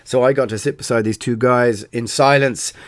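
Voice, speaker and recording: A man's voice: mid-range voice, steady tone, moderate pace, no room sound, clean studio sound. An Irish man in his forties hosting a podcast, telling stories in a rambling way with many fillers and self-corrections. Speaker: podcast host. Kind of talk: casual anecdotal storytelling.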